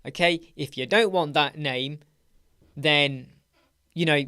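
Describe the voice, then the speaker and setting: A man's voice: fairly high pitch, slow, sharp tone, clean tone, no room sound. Chatty male livestream host, dry sound. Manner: chatty, rambling, laughs often, puts on mocking voices. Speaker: host of a live web design Q&A. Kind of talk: casual livestream chat answering viewer questions.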